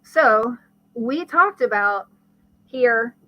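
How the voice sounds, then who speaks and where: A woman, a guest expert, explaining brain science in conversation with a lively teaching manner and vivid everyday examples. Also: fairly high pitch, extremely slow, rough recording. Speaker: guest expert on ADHD and learning.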